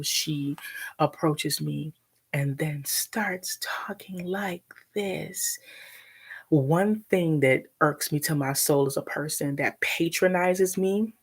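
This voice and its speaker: A woman speaks to her livestream audience in a low, husky voice with plenty of gravel. She talks bluntly and animatedly and swears freely. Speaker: live streamer. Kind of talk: venting on a livestream.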